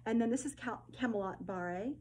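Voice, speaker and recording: A woman hosting a casual showcase of fabrics, effusive and gushing, often repeating her words and filling pauses with ums. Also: a little high, a little mellow, slight background noise, rough recording. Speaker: host presenting fabric collection.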